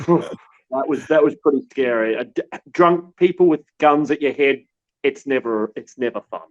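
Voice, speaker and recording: A man's voice: mid-range voice, normal speed. Man on a dull lo-fi line. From New Zealand. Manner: relaxed storytelling with many restarts. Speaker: war correspondent. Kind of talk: casual remote interview.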